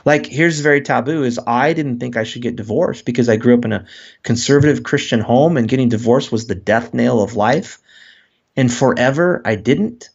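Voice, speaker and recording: A man speaks as a guest in an interview, earnest and open, often stumbling and restarting his thoughts. His voice has a gravelly fry and sits at a middle pitch. The recording sounds dull and lo-fi. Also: moderate pace. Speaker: guest author. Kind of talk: reflective interview talk.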